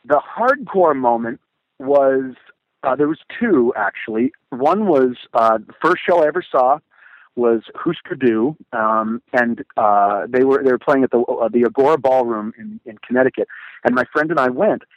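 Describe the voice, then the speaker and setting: A middle-aged man and podcast guest telling lively stories in a casual chat, acting out quotes and using many fillers. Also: mid-range voice, moderate pace, dry recording, lo-fi sound. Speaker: podcast guest, motivational speaker. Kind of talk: casual storytelling.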